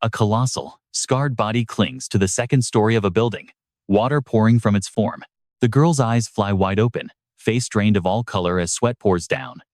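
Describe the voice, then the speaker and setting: A man's voice: lowish voice, moderate pace, a little mellow, no room sound, clean studio sound. A man narrating a story recap in a dramatic, scripted storytelling manner. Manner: dramatic storytelling with brief voiced quotes.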